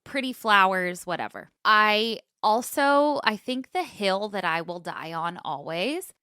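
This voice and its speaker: A woman co-hosting a podcast, telling stories in casual chat, animated and swearing freely as she acts out what people said. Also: medium pitch, unhurried, clean tone, no echo, clean studio sound. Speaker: podcast co-host.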